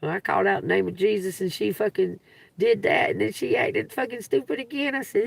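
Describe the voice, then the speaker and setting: A woman streaming live from her phone, telling a story in an animated, emphatic and profane way. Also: medium pitch, a little fast, creaky, husky. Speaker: livestreaming tarot reader. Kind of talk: casual livestream storytelling.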